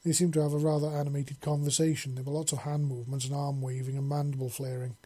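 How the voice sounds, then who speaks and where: Man, story narrator, mellow tone, husky, earnest. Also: a little high, flat delivery, fast. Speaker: audiobook narrator.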